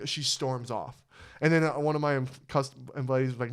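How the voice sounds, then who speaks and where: A podcast host telling a rambling, profane work story in casual chat. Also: male voice, medium pitch, a little fast.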